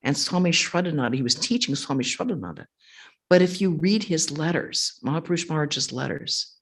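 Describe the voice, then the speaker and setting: A woman monastic speaks to a retreat audience with a husky, slightly low voice. She tells stories with wide swings in pitch, acting out the voices of others and laughing often. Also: animated, a little fast. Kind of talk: storytelling talk with audience questions.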